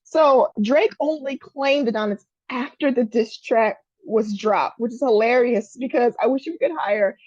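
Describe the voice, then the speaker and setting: A woman's voice: on the high side, unhurried, hardly any pauses, darkish tone, no room sound, lo-fi sound. A woman co-hosting a podcast in casual chat, telling the story with sarcasm and blunt cursing. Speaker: podcast co-host.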